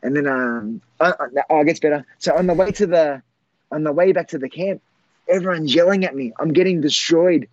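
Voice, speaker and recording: A man in his forties, a former fighter, tells a long story at an easy, rambling pace. His voice sits a little high for a man and keeps stopping on "uh" and "um" to restart. The sound is dry and a bit muffled, like a lo-fi recording. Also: darkish tone, no room sound. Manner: rambling, halting with many fillers and restarts. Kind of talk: casual storytelling.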